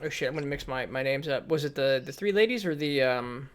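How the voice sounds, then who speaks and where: A man narrating a tabletop game as game master, casual and halting. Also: medium pitch, smooth. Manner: casual, halting, many fillers.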